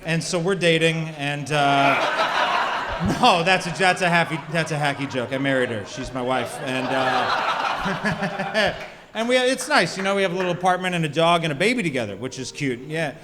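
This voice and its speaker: A man's voice: a little high, lively intonation, normal speed, heavy background noise. A man in his thirties doing a stand-up comedy set, crude and self-mocking, bantering with the audience. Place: comedy club stage. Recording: live club with reverb and loud crowd. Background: audience laughter.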